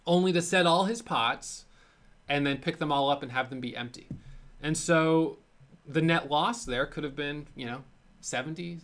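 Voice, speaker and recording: A man's voice: on the high side, fairly bright tone. A man hosting his own trading show, talking candidly and a bit self-critically, with frequent fillers as he tells stories from his own trading. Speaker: host of a day-trading show. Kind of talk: casual solo talk to camera.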